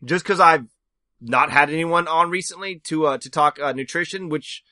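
Male interviewer, slightly high, bright voice, halting and filler-heavy. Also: dry recording, studio quality. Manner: halting, many ums and restarts. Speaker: podcast host. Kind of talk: casual interview.

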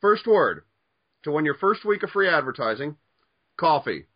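A man's voice: fairly high pitch, very animated, moderate pace, muffled recording. A man from the southern United States with a Southern accent, hosting a casual chat and teasing his guest with a word game. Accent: Southern American. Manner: playful quiz-master teasing. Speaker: host.

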